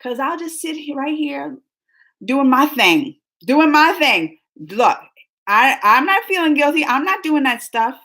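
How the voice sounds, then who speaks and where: Animated, rambling woman host. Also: high voice, unhurried. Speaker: reaction show host. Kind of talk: casual discussion with friends.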